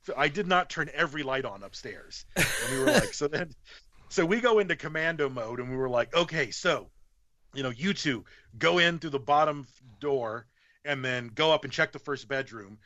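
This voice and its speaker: On slightly muffled podcast audio without echo, a man with a higher-pitched voice speaks at a moderate pace. He's a guest telling a story in relaxed conversation, lively and profane, voicing what others said.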